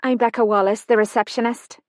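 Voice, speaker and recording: A woman voicing a brisk, polite young female hotel receptionist with a Scottish accent touched with Irish, in an audiobook. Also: on the high side, fairly even intonation, no room sound, studio quality, close to an everyday voice. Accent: Scottish with a trace of Irish.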